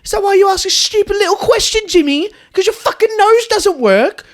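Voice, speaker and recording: A man's voice: extremely high pitch, lively intonation, brisk, voice pushed up. A man voicing a blind, foul-mouthed female bus tour guide in a comedic storytelling podcast. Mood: furious, insulting. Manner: swings from chirpy guide patter to furious swearing.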